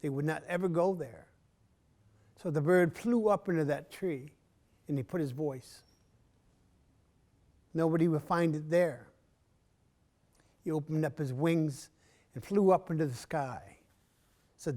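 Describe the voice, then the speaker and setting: A man performing a traditional story in an arts center, measured and unhurried, with long pauses and often dropping to a soft voice. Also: fairly high pitch.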